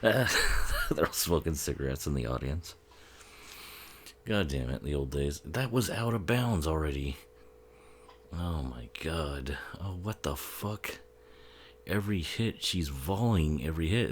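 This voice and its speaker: A man's voice: very deep voice, animated, unhurried, slight background noise. A man giving casual, profane, sarcastic commentary on a film, often laughing as he talks.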